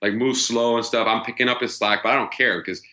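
A man in his thirties, a podcast guest, telling stories in a loose, profane, animated way, full of fillers and restarts. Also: medium pitch, brisk. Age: 30s. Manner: heavy filler words and restarts. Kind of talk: casual storytelling chat.

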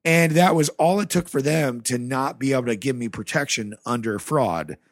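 A man from the American Rust Belt tells a story in a loose, casual way and swears freely. He acts out both sides of old conversations as he goes. His voice sits at an average pitch and is picked up on a close, dry mic. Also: moderate pace, no echo. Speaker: podcast guest.

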